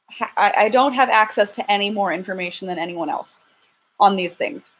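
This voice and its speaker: A young woman chatting casually on a live stream, frank and self-deprecating, often stumbling and restarting as she answers viewers' questions. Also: mid-range voice. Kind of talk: casual live-stream chat reading super chats. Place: home, lives in LA.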